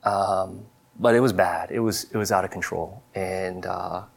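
A preacher in his thirties gives a personal testimony during a sermon, earnest and confessional. His low, gravelly voice stays steady in tone, though he halts often with fillers and restarts.

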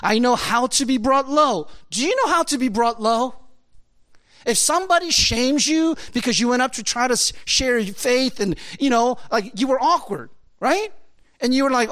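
Guy preaching, chatty and animated, lots of you know and like. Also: very high voice, normal speed. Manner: animated, conversational, many fillers. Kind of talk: sermon.

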